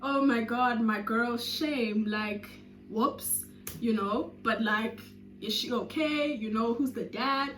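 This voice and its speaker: A South African woman in her twenties telling a storytime vlog with animated, dramatic delivery and sudden loud bursts. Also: on the high side, takes it slowly, faint music behind. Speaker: YouTuber. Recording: roomy echo.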